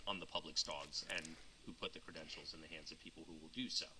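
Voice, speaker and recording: A man speaking calmly and earnestly as a dog trainer in a clip. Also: a bass voice, fast, slightly rough, rough recording. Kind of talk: calm spoken commentary.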